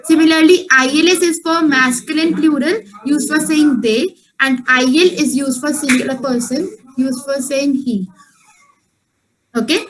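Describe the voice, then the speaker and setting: A woman's voice: sits high, unhurried, slight background noise, rough recording. A woman teaching a French class online, patient and repeating each point.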